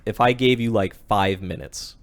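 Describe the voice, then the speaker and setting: Male podcast co-host, relaxed and low-pitched, dry close mic. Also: normal speed, no echo. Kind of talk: casual chat.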